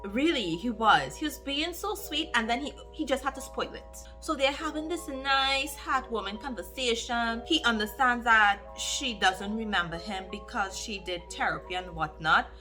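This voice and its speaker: A woman's voice: a little high, lively intonation, normal speed, few pauses, pushed and bright, soft background music. A woman chatting casually in a reading vlog, animatedly recapping a romance plot and firing off exclaimed questions. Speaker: book vlogger.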